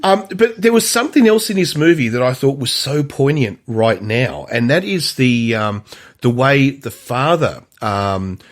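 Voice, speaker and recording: A man co-hosting a movie podcast in casual conversation, often pausing and restarting his sentences. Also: medium pitch, lively intonation. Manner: halting, many restarts and fillers. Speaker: podcast co-host. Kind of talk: casual movie review chat.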